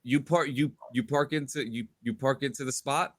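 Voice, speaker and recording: A man's voice: medium pitch, steady tone, moderate pace, no room sound. A man hosting a casual podcast, rambling and restarting his sentences as he signs off. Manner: rambling, repeats words while starting sentences. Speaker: podcast host.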